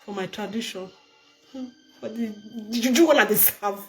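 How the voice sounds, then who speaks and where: A woman's voice: a little high, normal speed, faint music behind. An older woman from Nigeria with a Nigerian Pidgin accent, talking straight to her viewers in a casual vlog, emphatic and pleading, often repeating herself. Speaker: vlogger. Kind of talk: casual direct-to-camera vlog.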